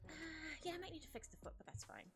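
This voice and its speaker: A woman's voice: sits high, huge pitch swings, racing, vocal fry. A woman livestreaming at home, chatting casually while she draws, rambling and giggling through her stories. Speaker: livestreaming artist. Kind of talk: casual chat while drawing. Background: soft background music.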